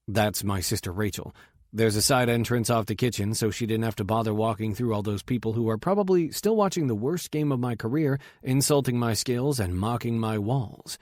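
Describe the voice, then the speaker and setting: A man's voice: mid-range voice, lively intonation, brisk, a little mellow, dry recording, studio quality. A man reading a romance audiobook as a first-person narrator with an intimate, wry inner monologue.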